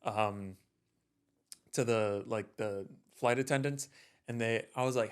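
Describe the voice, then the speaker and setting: A man co-hosting a podcast, retelling a story in casual chat, lively and laughing, often repeating words. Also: lowish voice, takes it slowly, pauses often, clear, resonant tone. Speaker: podcast co-host.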